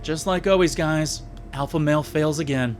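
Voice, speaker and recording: A man's voice: a little high, normal speed, a little hiss or hum. A man casually reviewing an old episode with sarcastic, jokey asides. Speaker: video reviewer.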